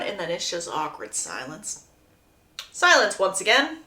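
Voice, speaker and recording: A woman giving a chatty, animated plot recap, laughing often and acting out the lines she quotes. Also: on the low side, measured pace. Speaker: book recap youtuber. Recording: roomy echo.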